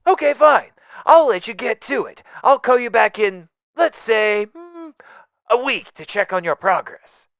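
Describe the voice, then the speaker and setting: A man voicing a wisecracking, unhinged male mercenary in a fan audio drama, jokey and manic, swinging between whispers and shouts. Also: very high voice, sing-song, measured pace, vocal fry, no room sound, studio quality, exaggerated voice. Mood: manic teasing.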